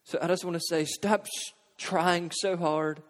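A man preaching a sermon, earnest, posing rhetorical questions and dropping into hushed intensity. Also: fairly high pitch, steady tone, unhurried. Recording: long hall reverb.

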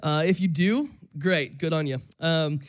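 A man's voice: fairly high pitch, unhurried, dry recording. A young man from Florida, a pastor, giving a sermon that opens with a casual story told with many fillers.

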